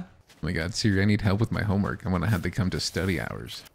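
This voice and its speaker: A man's voice: low voice, animated, quick pace, gravelly. A young man hosting a gaming channel, chatting casually and teasing his teammate with lots of laughter. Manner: playful, teasing, laughs often.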